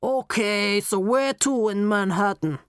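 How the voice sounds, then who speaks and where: A woman's voice: mid-range voice, a little slow, clear, resonant tone, no room sound, clean studio sound, close to an everyday voice. Woman doing a brash boastful cabbie. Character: male New York cab driver, boastful. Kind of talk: audiobook character voice.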